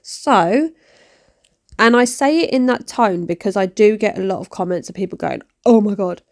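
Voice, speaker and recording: A woman's voice: mid-range voice, normal speed, creaky. A woman, rambling and poking fun at herself in a cleaning vlog voice-over. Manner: rambling, self-mocking, animated. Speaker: vlogger. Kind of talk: chatty voice-over while cleaning.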